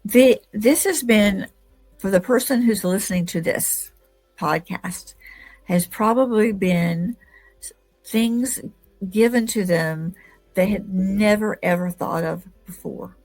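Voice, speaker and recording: Woman, podcast host, mid-range pitch, affirming, enthusiastic, faint music behind. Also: slow pace, darkish tone. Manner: affirming, often murmurs agreement, enthusiastic. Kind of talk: interview podcast.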